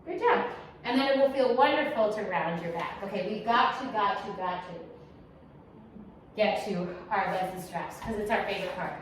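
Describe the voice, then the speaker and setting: A woman's voice: medium pitch, normal speed, slight background noise. A woman teaching a Pilates class, cueing breaths and counts in a chatty, encouraging way with small jokes. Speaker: Pilates instructor. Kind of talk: guided exercise class cueing. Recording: echoey room, mic some distance off.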